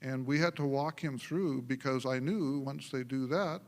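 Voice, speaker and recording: Animated male preacher in a reverberant church. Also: mid-range voice, normal speed. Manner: animated storytelling with frequent laughs and restarts. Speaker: pastor. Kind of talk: sermon. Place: church sanctuary. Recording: long church hall reverb.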